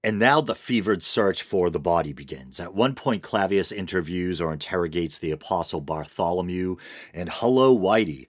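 A man's voice: low-pitched, normal speed, few pauses, no echo. A man giving a casual film review, with wry, dry asides between plot summary.

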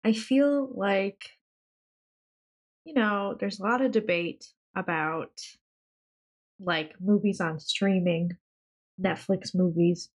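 A woman's voice: medium pitch, takes it slowly, long pauses, breathy edge. A woman co-hosting a film podcast, chatty and full of fillers, pushing a firm opinion. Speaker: podcast co-host. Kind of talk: casual film podcast chat.

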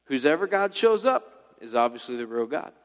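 A man's voice: mid-range voice, big pitch swings, moderate pace, fairly bright tone, big-room sound. A man voicing a swaggering male prophet who mocks his rivals in a teasing, sarcastic way. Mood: taunting.

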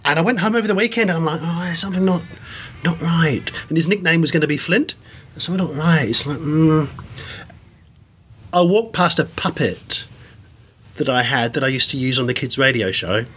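Animated man telling stories, slightly high voice. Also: fairly quick, slight background noise. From England. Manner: animated, enthusiastic, many restarts. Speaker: guest, science communicator and performer. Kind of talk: casual storytelling interview.

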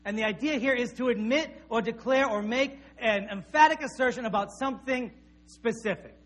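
A man's voice: very high voice, normal speed, a bit bright. A middle-aged man, preaching a sermon in a conversational storytelling manner with frequent restarts. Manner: conversational, anecdotal, with repeated restarts. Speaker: pastor.

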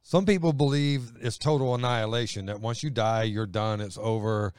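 A man's voice: fairly low pitch, steady tone, moderate pace, a little mellow, smooth, dry recording, clean studio sound. A man hosting a podcast, talking in a plain-spoken, opinionated, conversational way. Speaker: podcast host. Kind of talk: casual podcast chat.

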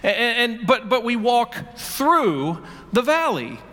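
Male pastor, high voice, earnest sermon, frequent restarts, call and response, long church reverb. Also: sing-song, takes it slowly, sharp tone. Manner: earnest, restarts words often, leads congregation in call and response. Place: church sanctuary.

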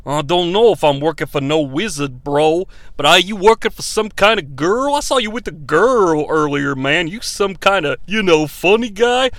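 A man voicing a gruff masked male villain with a Brooklyn accent and wise-guy talk. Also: a little high, animated, moderate pace, hardly any pauses, a bit bright, dry recording. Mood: mocking.

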